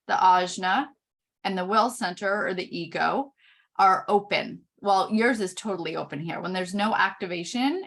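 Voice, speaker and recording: A middle-aged woman giving a chart reading, explaining each point slowly with frequent pauses. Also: mid-range voice. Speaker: Human Design reader.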